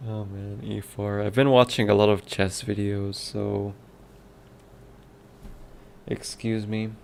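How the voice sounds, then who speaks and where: A man's voice: lowish voice, little pitch movement, slow pace, creaky. A man who develops indie games, talking casually on a stream with lots of fillers and self-corrections. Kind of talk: casual livestream talk.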